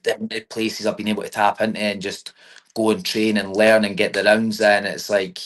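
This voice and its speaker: A man's voice: lowish voice, little pitch movement, normal speed, fairly bright tone. A young man from Scotland with a Scottish accent, a fighter chatting in an interview, filling his talk with "mate". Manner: chatty, says mate and you know what I mean often. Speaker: MMA fighter. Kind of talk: casual interview.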